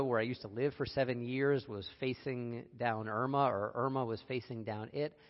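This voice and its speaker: A man's voice: medium pitch, vocal fry. A man giving a conversational sermon, earnest and personal, with wry asides. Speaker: speaker giving a reflective talk. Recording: dull recording with long hall reverb.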